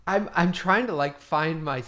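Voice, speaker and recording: A man voicing a touchy young female student who is quick to tears and then turns threatening. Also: a little high, bright, forceful tone, slight background noise. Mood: sulking.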